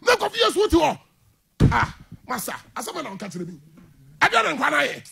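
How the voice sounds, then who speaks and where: A man's voice: very high voice, wildly swooping pitch, brisk, creaky, bright, forceful tone. A man with a Ghanaian accent, a football coach speaking indignantly in a heated interview, mixing English and Twi.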